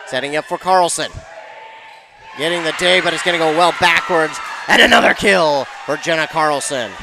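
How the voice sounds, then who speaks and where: Background noise runs under a man's excited commentary on a high school volleyball match, and he shouts when the big plays happen.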